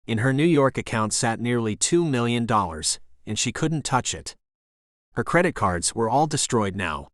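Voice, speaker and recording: Male audiobook narrator, expressive reading, lively pitch, dry close studio sound. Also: normal speed, dry recording. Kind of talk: scripted narration.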